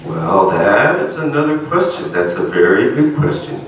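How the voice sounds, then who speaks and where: A man giving a dharma talk as minister, explaining things gently and patiently, recorded in an echoey church hall from a distance. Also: fairly low pitch, sing-song, moderate pace. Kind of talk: dharma talk with puppet dialogue.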